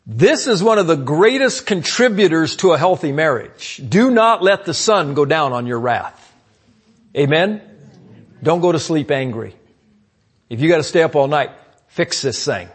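A man preaching a sermon, calling out "amen?" to the congregation and swinging between loud emphatic lines and low asides. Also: animated, a little slow, slightly rough. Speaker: pastor.

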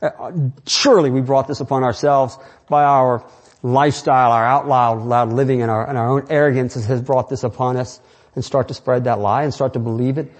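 A man's voice: mid-range voice, steady tone, brisk. A man who is a pastor, preaching an earnest, rambling sermon full of restarts and fillers.

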